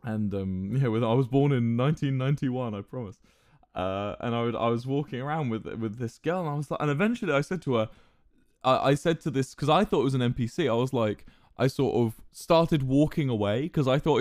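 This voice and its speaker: A man's voice: mid-range voice, animated, brisk, a little mellow, no room sound, clean studio sound. A man in his thirties telling a gaming story in casual style, swearing freely, laughing a lot and often restarting his sentences.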